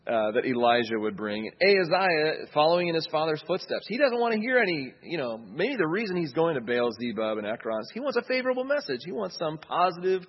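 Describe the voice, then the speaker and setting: A man's voice: fairly high pitch, big pitch swings, a little fast, hardly any pauses, breathy edge, highs cut off. A man preaching a sermon in a conversational way, checking in with listeners as he goes. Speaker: pastor.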